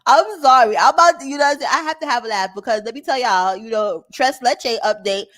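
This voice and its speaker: A woman vlogger chatting casually to her viewers, ranting loudly with frequent laughter and swearing. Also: fairly high pitch, expressive, fairly quick. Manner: loud, laughing, profane rants. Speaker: vlogger reacting to a clip. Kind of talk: casual livestream chat.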